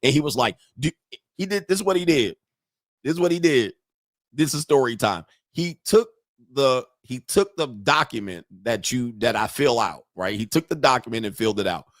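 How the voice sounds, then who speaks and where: A man's voice: mid-range voice, moderate pace, no room sound, clean studio sound. A man hosting a casual commentary stream, telling profane stories and acting out the people he quotes. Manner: animated storytelling, profane, acts out quotes. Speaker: host.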